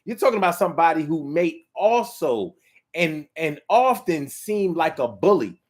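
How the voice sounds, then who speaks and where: A man's voice: on the high side, normal speed. A man hosting his own talk show in a casual, rhythmic monologue, often acting out the people he talks about. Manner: animated, rhythmic, acts out quoted voices. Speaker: show host.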